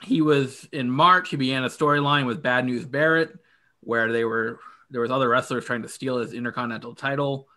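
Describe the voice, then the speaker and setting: A man's voice: mid-range voice, steady tone, brisk, pushed and bright. A man hosting a wrestling podcast, steadily recounting events in order with many fillers. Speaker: podcast host reading career history. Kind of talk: casual recap.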